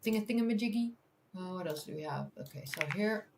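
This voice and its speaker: A woman's voice: mid-range voice, expressive, fast talker, darkish tone, a little hiss or hum. A woman hosting a livestream, chatting casually with viewers and reading articles aloud, laughing easily and stumbling over hard words. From Netherlands. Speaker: livestream host, science communicator.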